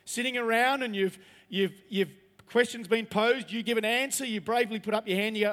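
A man's voice: sits high, brisk, a bit bright. A man preaching a chatty, humorous sermon and asking his listeners questions. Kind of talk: conversational sermon. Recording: long reverb of a large hall.

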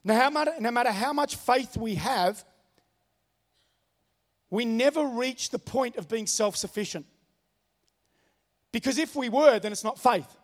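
A man's voice: very high voice, measured pace, long pauses, big-room sound. A man preaching a sermon, telling a personal story in an earnest way and repeating his key phrases. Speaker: pastor.

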